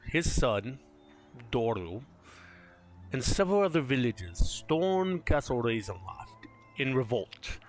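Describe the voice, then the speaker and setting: A man running a tabletop game as game master, narrating scenes in an animated, descriptive way. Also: mid-range voice, slow pace, soft background music. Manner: descriptive, animated, laughs easily.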